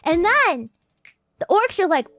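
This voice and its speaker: A woman streamer rambling playfully in casual chat, giggly and animated. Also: extremely high pitch, unhurried, no echo, faint music behind. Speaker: VTuber streamer.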